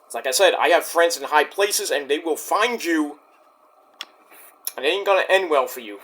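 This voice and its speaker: Male wrestling reviewer, high and bright voice, excitable and profane recap delivery. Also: moderate pace. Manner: excitable, profane, storytelling rant. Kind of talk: casual recap commentary.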